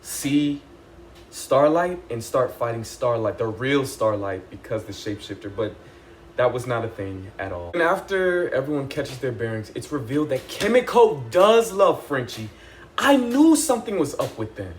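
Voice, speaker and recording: A young man recapping a TV episode in a casual, excitable, chatty way, full of "like" and "y'all". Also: mid-range voice, normal speed, slight background noise. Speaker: TV recap vlogger.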